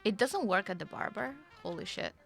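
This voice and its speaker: A woman streaming a game, chatting casually, excitable, swearing, and answering chat. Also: medium pitch, a little fast, creaky, faint music behind.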